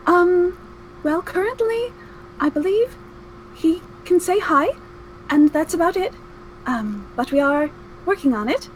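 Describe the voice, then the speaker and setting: A woman's voice: very high-pitched, expressive, measured pace, pauses often, a little hiss or hum, poor audio. A woman playing a tabletop game, speaking in character with a flustered, stammering manner. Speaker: player. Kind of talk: in-character tabletop role-play.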